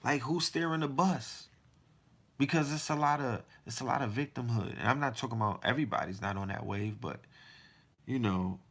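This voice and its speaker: A man with a low, gravelly voice holds forth in a heated, casual monologue. He fires off one rhetorical question after another and swears freely as he presses his point. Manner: emphatic and profane, firing rhetorical questions. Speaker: podcast host.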